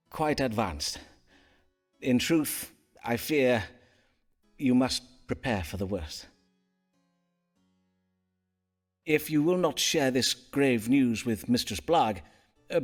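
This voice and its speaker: An actor playing a learned, courteous Elizabethan astrologer and doctor who speaks in florid, archaic phrases. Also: male voice, mid-range voice. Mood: solemn. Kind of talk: period game voice acting.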